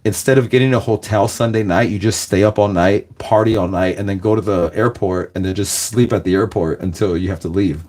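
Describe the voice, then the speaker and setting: A man's voice: on the low side, brisk, hardly any pauses, darkish tone. A young man telling a long, rambling story in a loose, casual way, full of "like" and "guys" and bursts of laughter.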